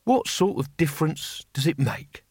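Man voicing an old barbarian man, gruff, plain-spoken, rambling, bright tone. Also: on the high side, sing-song, normal speed, no echo, clean studio sound, full character voice. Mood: weary. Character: ancient weary barbarian man, blunt and coarse.

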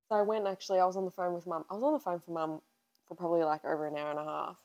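Woman, twenties, lowish voice, casual podcast chat, chatty storyteller. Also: steady tone, very fast, darkish tone, lo-fi sound. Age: 20s. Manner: chatty storytelling, acting out her own past lines. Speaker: podcast co-host.

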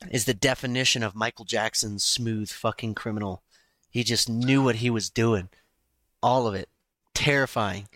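A man's voice: lowish voice, fairly bright tone, dry recording. A man and army veteran in a casual podcast chat, talking in a blunt, profane, self-mocking way.

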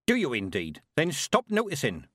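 A man's voice: medium pitch, big pitch swings, normal speed, fairly bright tone, dry recording, studio quality, voice pushed up. A man voicing a proud, stern old witch who speaks curtly and with command. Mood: brusque. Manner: curt, commanding.

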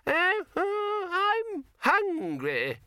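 A man's voice: extremely high pitch, wildly swooping pitch, drawn-out words, pushed and bright, dry recording, studio quality, voice pushed up, full character voice. A man voicing a crafty, toothless, very old male wizard who mumbles and quavers. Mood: whining. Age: older.

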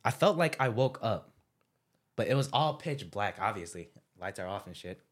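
A man's voice: lowish voice, lively intonation, moderate pace. A young man telling stories in a casual chat with friends, slangy and laid-back, laughing often. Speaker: podcast co-host.

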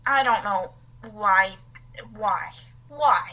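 A woman with a bright, clear tone co-hosts a casual podcast. She rambles through a story from her notes and breaks off for offhand asides. Her pitch sits at an ordinary middle height. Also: slow, rough recording. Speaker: podcast co-host.

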